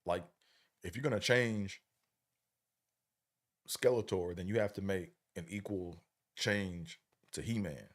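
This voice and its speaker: A man's voice: deep voice, takes it slowly, long pauses. A middle-aged man hosting a livestream, chatting casually in a laid-back, rambling, slangy way and often checking in with the listener. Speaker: livestream host.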